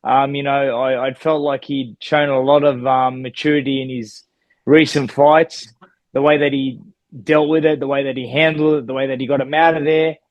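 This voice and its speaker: A man's voice: mid-range voice, flat delivery, moderate pace, dry recording, muffled recording. An Australian man, a former boxer, giving a heated, emphatic reaction in an interview. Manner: indignant, emphatic, keeps repeating "mate". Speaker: former boxing world champion, guest.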